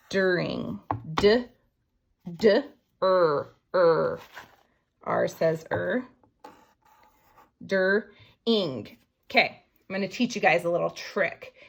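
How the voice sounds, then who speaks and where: A woman teacher giving a phonics writing lesson to young children, slowly sounding out each word letter by letter. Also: lowish voice, gravelly. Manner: slow, sounding out words letter by letter.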